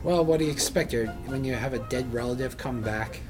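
A man's voice: medium pitch, brisk, over music. A man co-hosting a casual anime recap, mostly chiming in with short agreements and wry asides. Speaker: co-host.

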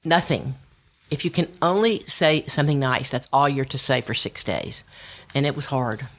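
Low-voiced woman sharing testimony. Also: moderate pace. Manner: storytelling, animated with quoted dialogue and sung lines. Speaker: women's ministry speaker. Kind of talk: personal testimony talk.

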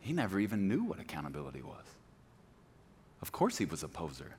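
Animated preaching man, wide swings. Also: low-pitched, a little fast, long pauses, slightly rough. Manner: animated preaching, swings from shouting to near-quiet. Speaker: pastor. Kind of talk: sermon. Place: church sanctuary.

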